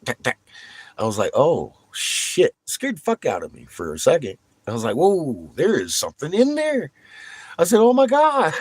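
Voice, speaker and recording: Male vlogger, lowish pitch, dry recording; swears freely, rambles, laughs mid-story. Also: dry recording. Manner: profane, animated storytelling with bursts of laughter. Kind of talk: rambling casual monologue.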